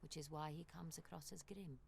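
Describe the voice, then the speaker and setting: An actress voicing a proud, commanding duchess in a video game, speaking in formal, measured courtly phrases. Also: female voice, low voice, fairly even intonation, creaky, slight background noise.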